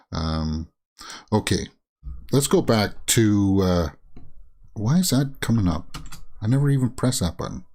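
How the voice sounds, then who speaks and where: Man, movie news host, casual commentary, rambling, lowish voice, chuckles often. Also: a little mellow. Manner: rambling, many fillers, chuckles to himself. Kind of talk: casual commentary while browsing and reading tweets.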